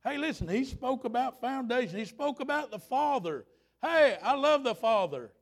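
A man in his fifties preaching a fervent, folksy revival sermon, rising at times to shouts. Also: extremely high pitch, expressive, normal speed.

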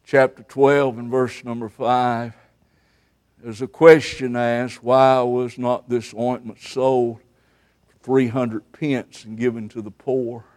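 A man preaching a revival sermon at a camp meeting, swinging between loud outbursts and hushed asides. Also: mid-range voice, little pitch movement, takes it slowly.

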